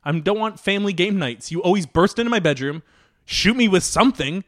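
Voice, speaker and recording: High-pitched guy doing fake-angry improv rants, voice swoops up and down a lot. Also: lively intonation, a little fast, fairly bright tone, no echo, clean studio sound. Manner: exasperated, mock-indignant ranting. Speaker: podcast co-host. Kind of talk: improvised comedy banter.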